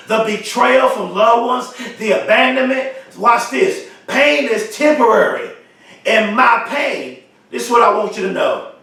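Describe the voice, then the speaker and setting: High-voiced man giving a motivational speech. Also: bright, forceful tone. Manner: emphatic, repeats key phrases, drawn-out slow emphasis. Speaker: motivational speaker. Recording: very echoey room, mic far off.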